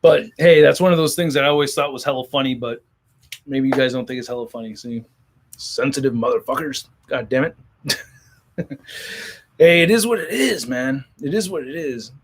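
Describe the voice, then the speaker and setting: In a husky, medium-pitched voice at normal speed with long pauses, a man hosts a casual toy collector livestream. He reads viewer comments and jokes in a profane, rambling way, frequently restarting his sentences.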